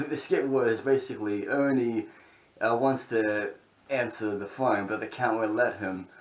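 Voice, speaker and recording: Rambling man in a roomy room. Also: medium pitch. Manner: rambling, chuckling between thoughts. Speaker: vlogger. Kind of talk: casual chat. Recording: roomy echo.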